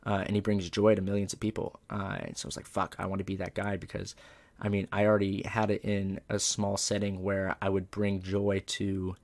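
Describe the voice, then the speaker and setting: A man's voice: low-pitched, fairly even intonation, a little fast, vocal fry, a little mellow. A young male comedian telling loose, profane stories in a casual, rambling way. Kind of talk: casual storytelling interview.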